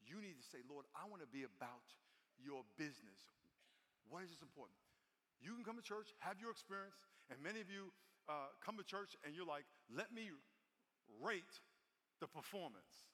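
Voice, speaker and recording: A man preaching a sermon in a high, bright voice. He is animated and acts out prayers and inner thoughts as he goes. The sound rings with the long reverb of a large hall. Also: moderate pace. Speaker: pastor.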